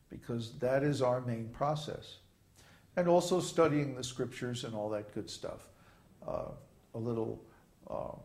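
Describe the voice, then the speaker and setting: A man's voice: mid-range voice, a little mellow. A man giving an informal spiritual talk, chanting examples aloud and often stopping to ask "huh?". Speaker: spiritual teacher. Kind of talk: informal sermon. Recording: roomy echo.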